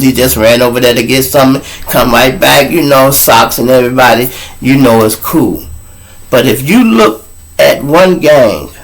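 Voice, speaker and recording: Here the Chicago podcaster's voice is medium in pitch, captured on a low-quality recording. He's animated and profane as he works through a long story, voicing the other characters' lines himself.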